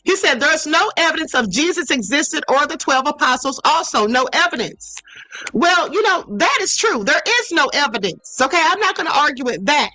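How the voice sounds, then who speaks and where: High, bright-voiced sassy woman host. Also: expressive, moderate pace, no echo, low-quality recording. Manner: sassy, emphatic, addresses chat directly. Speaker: livestream host. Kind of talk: livestream commentary.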